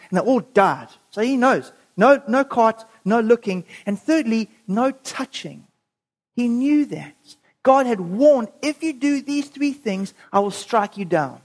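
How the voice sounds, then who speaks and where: A preacher giving a sermon, telling a story in a lively way and acting out the voices of the people in it. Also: mid-range voice.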